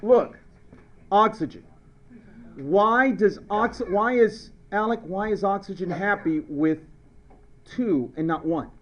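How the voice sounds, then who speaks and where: A high school chemistry teacher gives a lecture laced with jokes, playfully telling stories and asking his questions more than once. His voice is high-pitched and fairly bright, and he speaks slowly with frequent pauses. The lo-fi recording carries a little background noise.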